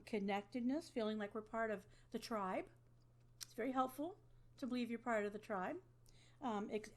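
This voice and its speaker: A woman teaching an online class to a webcam, talking in a conversational way and often checking in with "okay?". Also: a little high. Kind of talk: online lecture.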